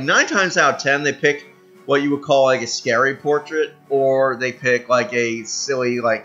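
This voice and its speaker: A man's voice: medium pitch, pushed and bright, lo-fi sound. A man giving casual, rambling commentary on a strategy game, self-mocking, with lots of fillers. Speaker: gaming video host.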